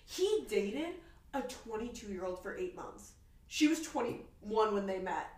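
A woman's voice: medium pitch, sing-song, measured pace, reverberant, distant mic, low-quality recording. A young woman co-hosting a podcast, telling a date story in casual chat and acting out both sides of the conversation. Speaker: podcast co-host.

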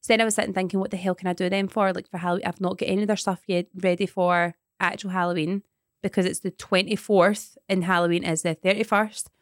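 A Scottish woman in her thirties, a podcast co-host telling everyday stories in casual chat, animated and swearing now and then. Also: on the low side, fast, smooth, no room sound, studio quality.

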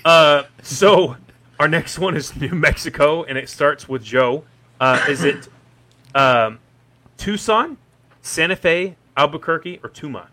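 Man, quiz host, teasing and playful, bright upper-middle voice. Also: a little high, lively intonation, a little slow. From Kentucky. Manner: playful, teasing, laughs often. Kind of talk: casual podcast quiz.

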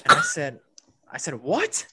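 Animated young man telling a story. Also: high voice, normal speed. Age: young adult. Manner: animated, swearing, acts out other people's lines. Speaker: podcast co-host. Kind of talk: casual storytelling among friends.

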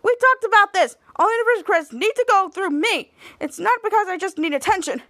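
A woman's voice: very high-pitched, animated, a little fast, sharp tone, dry recording, studio quality, pitched above the performer's own voice, heavily acted. A woman voicing a boastful adult male superhero leader who is self-important and flustered. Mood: bossy.

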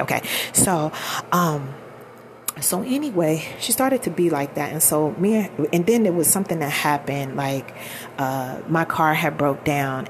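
A woman's voice: on the low side, creaky, a little hiss or hum. A woman in her thirties telling a personal story in a candid, emphatic, colloquial way. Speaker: vlogger.

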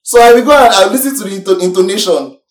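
A young man from Nigeria, preaching a sermon in an animated, exhorting way with sudden swings in pitch and loudness. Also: rapid-fire. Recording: roomy echo, mic from far off.

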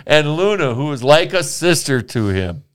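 A man hosting a podcast, his voice smooth and resonant. He reads odd stories aloud with lots of pitch movement, swearing and laughing often as he goes. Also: big pitch swings, moderate pace. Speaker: podcast host. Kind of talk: crude comedic banter.

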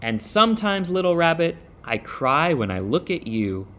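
A man doing a gentle mother rabbit. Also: on the high side, very animated, moderate pace, pitched above the performer's own voice. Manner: gentle, soothing.

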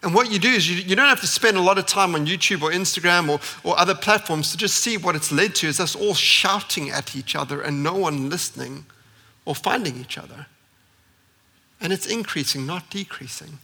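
A man delivers a church sermon with earnest conviction. His voice sits a touch high and rings bright and forceful. He stacks repeated phrases as he builds his point. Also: brisk, creaky, in a large hall. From South Africa. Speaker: pastor.

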